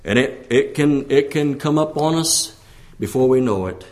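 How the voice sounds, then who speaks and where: A man preaching a sermon as pastor, often repeating his phrases and clearing his throat, his pitch climbing when he exhorts. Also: normal speed, a little mellow. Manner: frequent throat clearing and restarts.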